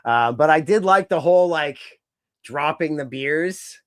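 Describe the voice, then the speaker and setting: Animated man with a dry, close sound. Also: on the high side, measured pace, dry recording. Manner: animated, acts out voices of others mid-story. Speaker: podcast co-host. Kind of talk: casual chat.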